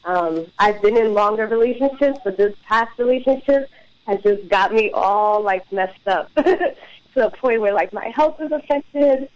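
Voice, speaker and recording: A woman's voice: mid-range voice, unhurried, dry recording. A woman in her twenties calling a radio show by phone, talking in a giggly, hesitant way with many fillers. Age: 20s. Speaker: caller. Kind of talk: call-in radio conversation. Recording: phone line.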